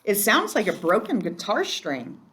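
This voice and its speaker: A woman's voice: medium pitch, wildly swooping pitch, measured pace, a bit bright. A woman reading aloud, voicing a cheerful, curious husband who asks eager questions in a children's story. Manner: eager, inquisitive, playful. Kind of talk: children's book read aloud.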